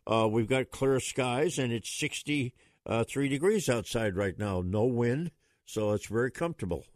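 A chatty man hosting a talk radio show at a mid pitch. His folksy, plain-spoken delivery is recorded dry and close. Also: lively intonation, measured pace, darkish tone, no room sound.

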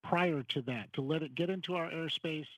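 A man speaking as a radio guest on politics, measured and slightly hesitant. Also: on the high side, fairly bright tone, no echo, poor audio.

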